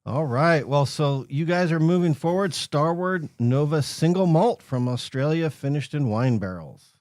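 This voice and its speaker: A man's voice: fairly high pitch, lively intonation, measured pace, darkish tone, no room sound. A man co-hosts a radio show, giving matter-of-fact and opinionated remarks. The studio sound is dry and close. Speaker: co-host whiskey taster. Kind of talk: casual radio banter.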